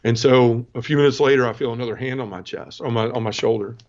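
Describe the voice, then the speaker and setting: This is personal testimony: a man in his forties, a podcast guest, shares his conversion with emotional earnestness, repeatedly breaking off to restart. He talks fast at a medium pitch over dull, lo-fi audio.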